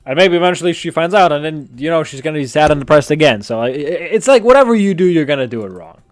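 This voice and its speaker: A man's voice: a little high, expressive, fast. A man giving casual, rambling commentary while he plays a visual novel, often stumbling and restarting his sentences. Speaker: gamer. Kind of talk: gameplay commentary.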